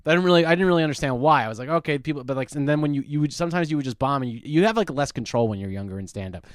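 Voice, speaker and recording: A man's voice: medium pitch, expressive, clean tone, no room sound, clean studio sound. A young man, a stand-up comedian, telling a story in casual podcast chat, rambling with many restarts. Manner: rambling, restarts a lot, talks fast.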